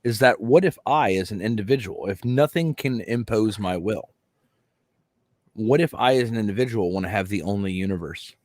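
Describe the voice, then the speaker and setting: A man with a low voice lays out a debate point in a measured, argumentative tone. The recording is dry and close, with no room sound. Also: a little mellow, no room sound. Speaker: co-host. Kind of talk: casual debate chat.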